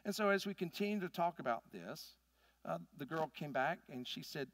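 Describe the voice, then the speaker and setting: A middle-aged pastor, telling a family story in a conversational sermon that builds to emphatic points. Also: male voice, a little high, animated, moderate pace, fairly bright tone, no room sound. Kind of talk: sermon with personal stories.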